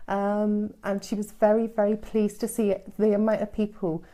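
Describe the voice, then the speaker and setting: A woman's voice: medium pitch, monotone, normal speed, warm tone. A woman giving casual live-stream psychic readings, soothing and chatty, calling her listeners sweetheart and darling. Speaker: psychic medium.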